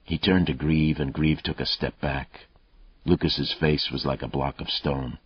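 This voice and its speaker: A man narrating an audiobook in a steady, even reading voice. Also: rumbling low, measured pace, slightly rough, dry recording. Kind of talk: scripted narration. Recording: dull, muffled dry audio.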